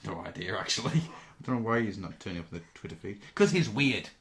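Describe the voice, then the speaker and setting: A man's voice: on the low side, very animated, fast talker, fairly bright tone. A British man hosting a podcast, riffing goofily through casual banter and admitting he is tired. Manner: goofy, riffing on jokes, tired. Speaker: podcast host.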